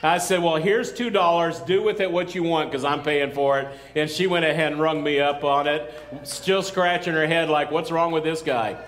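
A man's voice: a little high, fairly even intonation, normal speed, a bit bright. A male pastor preaching a sermon in a loose, conversational way, with joking asides and calls for amen.

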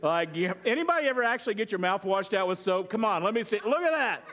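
A pastor preaches loosely and conversationally to his congregation, joking and asking them questions. He talks fast in a high, fairly bright voice with big swings in pitch.

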